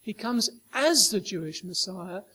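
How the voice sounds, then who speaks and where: High-voiced man preaching emphatically. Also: animated, unhurried, sharp tone, slightly rough. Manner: emphatic, rhetorical questions to the listeners. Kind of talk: sermon.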